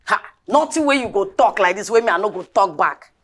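An actress playing a cheeky, streetwise young housemaid with a Nigerian accent, talking back in pidgin. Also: female voice, medium pitch, expressive, a little fast, a bit bright. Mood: brash. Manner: brash, talks back in pidgin.

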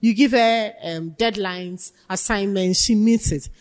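Speaking at an unhurried pace and medium pitch, a Ghanaian lecturer runs a leadership class, stressing ideas and questioning her students. Long reverb from the lecture hall colors the audio.

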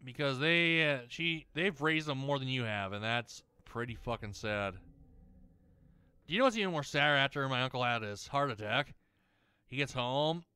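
Man, let's play host, bright crisp voice, close dry mic, sweary ranting. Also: normal speed, no room sound. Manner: profane, ranting, mocking others in shrill voices. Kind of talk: angry rant over gameplay.

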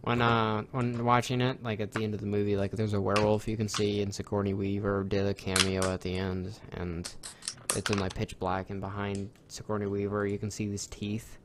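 A young man co-hosting a podcast, talking in a rambling, excitable way with lots of fillers and swearing. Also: lowish voice, brisk, noisy background. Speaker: podcast co-host. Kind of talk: casual chat.

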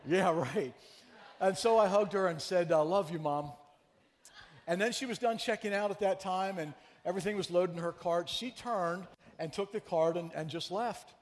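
A man preaching a sermon as pastor, telling a story in a chatty, animated way and teasing his congregation. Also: sits high, normal speed, big-room sound. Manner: conversational, animated storyteller who teases the congregation. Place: church sanctuary.

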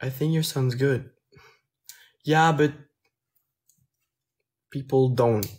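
Slow, hesitant man with a French accent. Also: medium pitch, fairly even intonation. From France. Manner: soft-spoken, hesitant, trailing off. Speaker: livestreamer answering viewer comments. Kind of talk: casual livestream chat.

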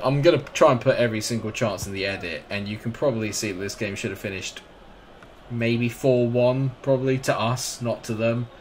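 Male gamer, lower voice, dry sarcastic running commentary, some noise behind. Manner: exasperated, sarcastic, self-mocking. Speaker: gaming YouTuber. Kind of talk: live gameplay commentary. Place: at home, late at night.

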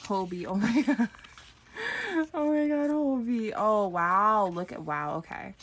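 A young woman unboxing an album on camera, gushing and giggling with lots of excited exclamations. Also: mid-range voice, slow, a little hiss or hum. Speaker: unboxing vlogger. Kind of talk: excited casual unboxing chat.

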